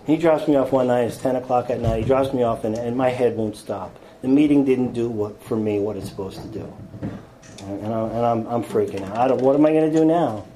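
A man telling his own recovery story to an audience in a rambling, self-deprecating way, full of restarts and quick impressions of other people. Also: mid-range voice, fairly even intonation, warm tone, a little hiss or hum, poor audio. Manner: acts out others with quick quoted voices. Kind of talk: personal recovery talk to an audience.

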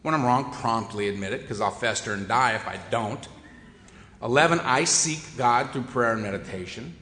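Self-deprecating guy telling his recovery story, bright tense voice, big reverby room. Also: medium pitch, normal speed. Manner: wry, self-deprecating, conversational. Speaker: recovery speaker. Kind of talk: humorous recovery talk. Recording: echoey hall with long reverb.

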